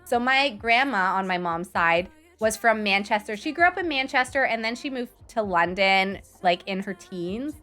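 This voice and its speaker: Bright-voiced woman streamer. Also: mid-range voice, lively intonation, moderate pace, hardly any pauses. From Canada. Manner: chatty and rambling, answering viewer chat. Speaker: live streamer. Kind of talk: casual chat while livestreaming a game.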